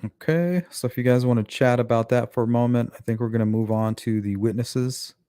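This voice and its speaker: A man's voice: mid-range voice, steady tone, fairly quick, warm tone, clear, resonant tone, no room sound, clean studio sound. A man hosting a livestream, rambling casually and answering viewers' chat. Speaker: livestream host.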